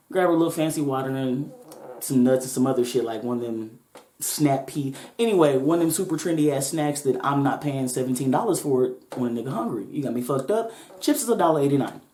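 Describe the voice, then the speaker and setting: Casually swearing her way through a story, this podcast host adds joking asides as she goes. She has a very deep, mellow voice, and the room sounds spacious and echoey.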